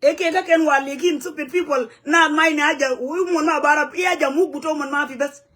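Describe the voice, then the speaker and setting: High-voiced woman. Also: steady tone, fairly quick, fairly bright tone. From South Sudan. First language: Nuer. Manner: heated, blunt, broken English mixed with Nuer phrases. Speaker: community vlogger. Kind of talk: angry direct-to-camera rant. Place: home in the U.S.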